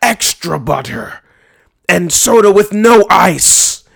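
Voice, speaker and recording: A man voicing a self-important male warrior king who makes slow, overblown proclamations. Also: high voice, sing-song, creaky, fairly bright tone, husky, pitched above the performer's own voice, full character voice. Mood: proclaiming.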